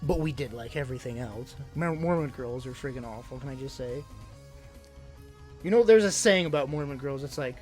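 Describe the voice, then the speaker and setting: A man's voice: medium pitch, fairly quick, music in the background. A man livestreamer chatting casually to his audience, telling stories in a blunt, rambling way. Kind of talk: casual chat to a live stream audience.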